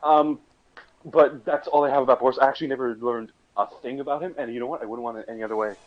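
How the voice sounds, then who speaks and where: A man's voice: mid-range voice, steady tone, fast, highs cut off. A young man on a casual podcast chat, telling a story in a joking, rambling way and restarting his sentences. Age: young adult.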